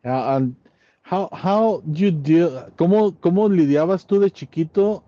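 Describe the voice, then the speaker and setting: A man with a mellow, dark-toned voice talks hesitantly on a podcast. He pauses and repeats words, using fillers often. The sound is a little dull and lo-fi. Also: on the high side, no echo. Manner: hesitant, with many fillers and repetitions. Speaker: podcast co-host. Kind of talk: casual bilingual conversation.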